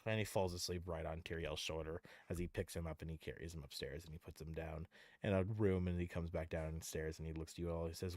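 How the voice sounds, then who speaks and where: A man's voice: low voice, flat delivery, a little fast, a little mellow, dry recording, studio quality. A man narrating as game master in a casual, laughing storytelling way.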